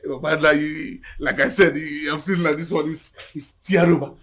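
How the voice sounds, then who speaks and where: A man's voice: on the high side, normal speed. A young man with a Nigerian accent playing a brash, boastful son showing off his girlfriend in a film drama. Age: young adult. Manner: excited, boastful, loud slang.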